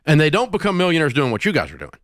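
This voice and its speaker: A man's voice: on the high side, wildly swooping pitch, very fast, fairly bright tone, no room sound, studio quality. A man hosting a call-in advice show, blunt and scolding but affectionate, with folksy turns of phrase. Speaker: radio talk show host. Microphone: studio microphone.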